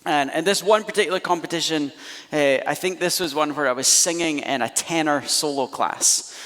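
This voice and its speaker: A Scottish man preaching as a pastor, telling stories in an animated, self-deprecating way in a church auditorium. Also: a little high, moderate pace. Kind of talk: storytelling sermon. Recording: reverberant church hall.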